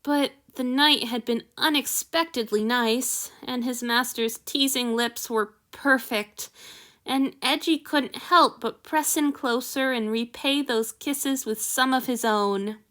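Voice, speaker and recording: A woman's voice: on the high side, takes it slowly, a bit bright. A woman reading a fan story aloud, narrating and shifting her delivery for each character. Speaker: fanfiction reader.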